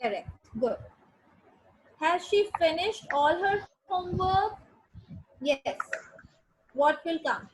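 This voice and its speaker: A woman's voice: very high-pitched, lively intonation, slow pace, pauses often, slight background noise, low-quality recording. A woman teacher giving a grammar lesson to a class, patiently repeating sentences and spelling words out letter by letter. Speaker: English teacher.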